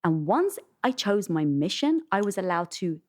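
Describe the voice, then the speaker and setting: Squeaky, animated woman telling a story. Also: moderate pace. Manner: animated storytelling, acts out her inner voice. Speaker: guest. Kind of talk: casual podcast conversation.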